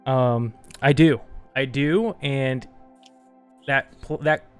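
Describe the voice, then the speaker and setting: A host of a casual streamed question-and-answer show, chatty and relaxed, laughing easily while reading out audience questions. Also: mid-range voice, drawn-out words, smooth, faint music behind.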